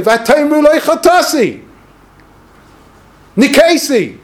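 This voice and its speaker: Rabbi guy giving a torah talk, highish voice jumping all over, sarcastic, drops hebrew and yiddish words. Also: moderate pace. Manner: animated and sarcastic, mixing Hebrew and Yiddish terms into English. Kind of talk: yeshiva-style Torah lecture.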